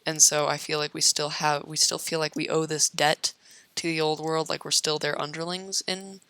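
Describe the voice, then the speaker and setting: A woman's voice: low-pitched, flat delivery, normal speed, fairly bright tone, dry recording. A young American woman casually rambling while she plays a game, meandering with many fillers and restarts, her voice getting worn. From United States. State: losing her voice. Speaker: YouTuber.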